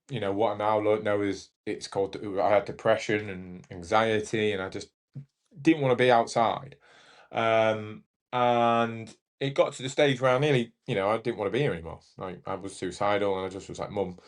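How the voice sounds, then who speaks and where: A young man, telling his story as a podcast guest, halting and emotional with many restarts. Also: on the low side. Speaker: podcast guest, Paralympic judo athlete. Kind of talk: candid storytelling in an interview.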